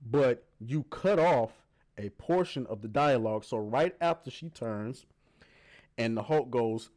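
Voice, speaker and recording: A man's voice: mid-range voice, expressive, measured pace, darkish tone. A man giving heated, argumentative reaction commentary on a video clip, emphatic and swearing often.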